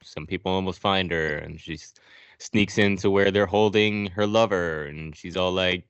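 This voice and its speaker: A man's voice: deep voice, steady tone, moderate pace, smooth, no room sound, muffled recording. A man casually recapping a horror movie on a podcast, sarcastic and profane. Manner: sarcastic, profane, narrating scenes. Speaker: podcast co-host.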